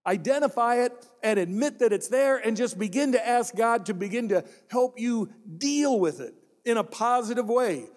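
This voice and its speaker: A man's voice: extremely high pitch, animated, normal speed, few pauses. A male pastor preaching a sermon in a church, speaking emphatically, repeating key phrases and putting rhetorical questions to the congregation. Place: church sanctuary. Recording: long church hall reverb.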